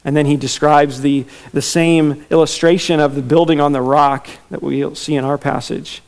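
Male pastor, fairly high voice, emphatic, repeats key points, sermon delivery. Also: flat delivery, normal speed, creaky. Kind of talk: expository sermon.

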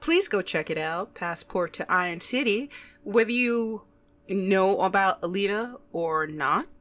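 A woman's voice: mid-range voice, measured pace. A woman co-hosting a podcast, chatting casually and acting out her own reactions as she tells stories. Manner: excitable, animated storytelling, acts out her own reactions. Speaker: podcast co-host. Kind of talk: casual chat.

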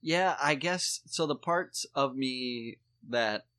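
Relaxed dad telling family stories. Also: male voice, medium pitch, slow pace. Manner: relaxed storyteller, swears casually, quotes his kids. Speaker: podcast co-host, father. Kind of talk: casual chat.

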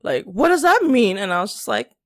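A woman's voice: fairly high pitch, big pitch swings, a little fast. A young woman co-hosting a casual podcast, telling stories full of "like" and acting out what other people said. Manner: chatty storyteller, lots of "like", acts out quotes, laughs often. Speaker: podcast co-host.

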